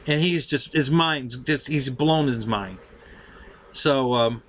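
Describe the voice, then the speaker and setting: A man's voice: medium pitch, slow, fairly bright tone, a little hiss or hum. A middle-aged man telling a story casually, laughing often, swearing freely, and acting out what people said. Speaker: show host telling a story.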